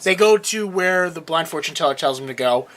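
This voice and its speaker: A man's voice: a little high, expressive, brisk, fairly bright tone, a little hiss or hum. A young man co-hosting a casual chat, recapping TV episodes in a rambling way, often laughing and restarting his sentences. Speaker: co-host.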